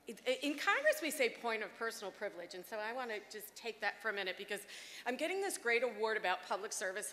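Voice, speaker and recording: A woman's voice: on the high side, bright, forceful tone. A woman in her fifties giving an award acceptance speech at a gala, heartfelt, with frequent ums and restarts, on a podium microphone. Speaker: award honoree. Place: gala banquet hall. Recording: echoey hall with faint background noise.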